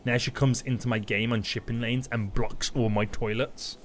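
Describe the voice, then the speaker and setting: A young British man giving live commentary while playing a game, excitable and prone to sudden loud yelps and shouts. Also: mid-range voice, moderate pace, a little hiss or hum. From Britain. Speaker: gaming YouTuber.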